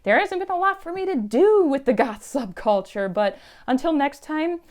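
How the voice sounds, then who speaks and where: A woman's voice: sits high, animated, normal speed, darkish tone. A woman telling stories in a chatty, emphatic way on her casual vlog. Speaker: YouTube vlogger.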